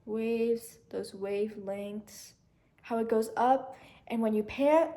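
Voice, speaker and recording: A young woman hosting a meditation channel, talking through a calming technique and slowing and softening her voice as she guides the breathing. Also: high-pitched. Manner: gentle, slows and softens when guiding breathing.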